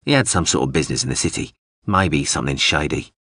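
A man reading a story, voicing a cautious, guarded man in a low-key way. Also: lively intonation, quick pace, fairly bright tone, breathy edge, no echo, clean studio sound, heavily acted. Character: guarded man in disguise, quietly wary.

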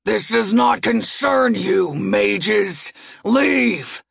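A woman's voice: medium pitch, animated, extremely slow, no echo, studio quality, heavily acted. A woman voicing an angry, hulking male gnoll who growls and taunts with menace. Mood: defiant. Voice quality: growling, gravelly. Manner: menacing, taunting with tag questions. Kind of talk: audiobook character voice.

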